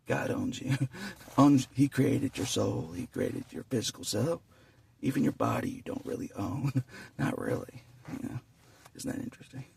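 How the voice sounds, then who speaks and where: A man with a heavily gravelly, raspy voice talks through a loose, rambling vlog monologue. He chuckles often and circles back over the same points. His voice sits a little away from the mic and rises and falls a lot. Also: fairly low pitch, a little mellow, far from the mic. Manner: chuckles often between phrases, repeats himself. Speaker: vlogger.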